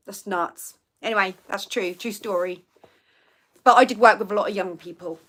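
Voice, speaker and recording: A woman's voice: medium pitch, normal speed, fairly bright tone. A woman, hosting a casual live quiz chat and reading out viewer comments with frequent laughter. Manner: chatty, giggly, reads out viewer comments. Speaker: livestream host.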